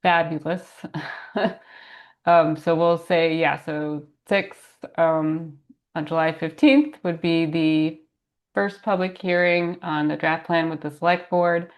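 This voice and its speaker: Casting: low-pitched woman, groggy and under the weather, calling in to a meeting. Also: steady tone, slow pace. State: groggy voice from illness. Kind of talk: meeting update over remote call. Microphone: video call.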